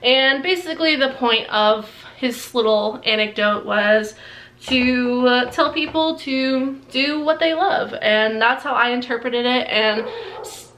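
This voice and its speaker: A chatty young woman vlogging while she does her makeup, her voice a little high and very bright. She scatters "like" through her sentences and giggles as she talks, in an echoey room. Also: slow pace. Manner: chatty, many "like" fillers, giggly. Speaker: beauty vlogger. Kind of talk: casual get-ready-with-me chat.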